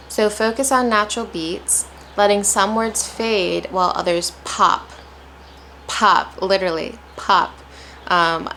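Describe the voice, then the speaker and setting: A woman with an American accent gives an encouraging English pronunciation lesson, repeating example sentences to demonstrate stress and rhythm. Her voice is fairly low and a bit bright, and the poor audio carries a little hiss or hum.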